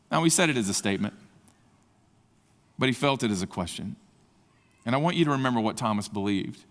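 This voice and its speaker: A man's voice: fairly low pitch, animated, brisk, long pauses. A man preaching a sermon at a conference, speaking with passion that climbs to emphatic peaks. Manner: impassioned, rising to emphatic peaks. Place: large conference hall. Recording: long hall reverb.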